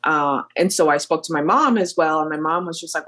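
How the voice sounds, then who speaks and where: Low-voiced woman airline captain telling stories. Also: brisk, few pauses. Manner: animated storyteller, full of fillers. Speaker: airline captain, podcast guest. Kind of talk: storytelling interview chat.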